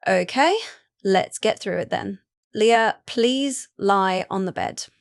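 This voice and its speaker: A friendly female doctor in an audiobook, calm, polite and matter-of-fact, as a woman reads her lines. The voice stays at a middle pitch and sounds dry and close. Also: takes it slowly, dry recording. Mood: businesslike.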